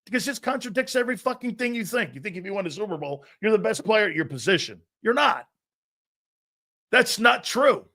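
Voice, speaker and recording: A loud, brash man hosts a live sports talk show, answering his viewers and laughing as he goes. His voice sits a little high for a man. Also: a little fast. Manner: brash, loud and animated, often laughing at himself.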